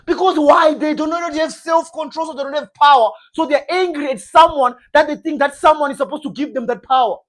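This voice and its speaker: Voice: high-pitched, brisk, few pauses, fairly bright tone. A preacher giving an informal sermon in an emphatic, repetitive style, often acting out short comic exchanges. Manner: emphatic, repetitive, uses comic role-play.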